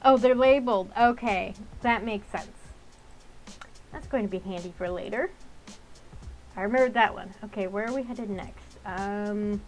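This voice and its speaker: A woman's voice: medium pitch, moderate pace, soft background music, poor audio. A woman playing a story game and chatting through it in a playful way, thinking aloud. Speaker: let's-play gamer. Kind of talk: gameplay commentary.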